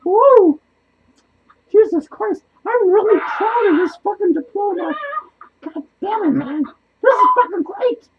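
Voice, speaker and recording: Casting: lonely, manic, foul-mouthed clown, squeaky and very high, in a muffled lo-fi home recording. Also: male voice, a little slow, full character voice. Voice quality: squeaky, swears constantly, laughs wildly. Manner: excitable, rambling, loses his train of thought. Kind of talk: comedic character monologue. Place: small cluttered home studio indoors.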